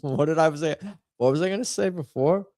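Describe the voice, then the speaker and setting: A man's voice: a little high, fairly quick, warm tone, no room sound, studio quality. A man hosting a live stream, rambling and joking to himself while he plays a party word game. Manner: rambling, jokey, self-mocking commentary. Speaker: stream host playing party games. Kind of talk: casual game-stream chatter.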